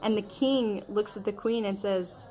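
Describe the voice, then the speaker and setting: A woman's voice: mid-range voice, a little slow, warm tone. A woman leading a casual Bible study, retelling scripture in a chatty, slangy way, with many fillers. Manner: conversational storytelling, retelling scripture in modern slang; chatty, with frequent fillers like okay and um.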